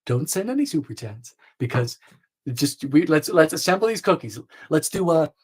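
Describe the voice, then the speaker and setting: A man hosting a live baking stream, chatting playfully with viewers, trailing off and restarting, with sudden high squeals. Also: sing-song, moderate pace, a little mellow, husky, poor audio. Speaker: baking show host.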